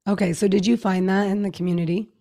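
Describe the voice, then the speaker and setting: Gravelly-voiced woman podcast host. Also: mid-range voice, fast talker. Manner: relaxed questioning, hesitant fillers. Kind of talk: casual interview.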